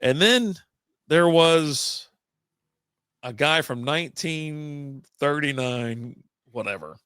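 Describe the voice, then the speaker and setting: A man's voice: on the high side, expressive, slow, fairly bright tone, clear, resonant tone, no room sound. Man telling a rambling, laughing story. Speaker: podcast co-host. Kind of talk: casual beer-drinking chat.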